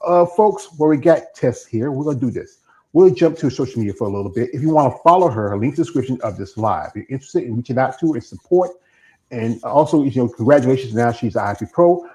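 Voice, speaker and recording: A man's voice: mid-range voice, animated, fast, a little mellow, low-quality recording. A man with a Northern US accent and a slight Southern twang, hosting an interview in a loose, rambling, chatty way. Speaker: interview host. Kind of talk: casual interview chat.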